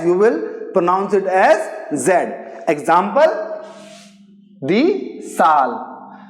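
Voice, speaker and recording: An Indian English woman teaches at an unhurried pace, her fairly high voice rising and falling widely. She drills every point again and again, checking in with her class as she goes. The room around her sounds echoey. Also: a little mellow. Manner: repetitive drilling, keeps asking "okay?". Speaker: language teacher. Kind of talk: slow classroom lecture. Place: room with a writing board.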